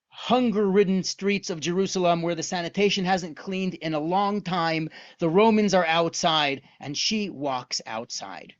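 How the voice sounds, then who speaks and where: A male lecturer on Jewish texts gives an online lesson, narrating its story with lively energy and plenty of rhetorical questions. His voice is on the high side. The recording is dull and lo-fi, in a dry room without echo.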